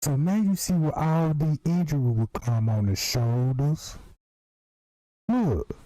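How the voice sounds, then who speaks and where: A man's voice: fairly high pitch, slow, warm tone, dry recording, rough recording. A man giving emphatic casual commentary on a video, repeating himself to point things out. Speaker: streamer commenting on footage.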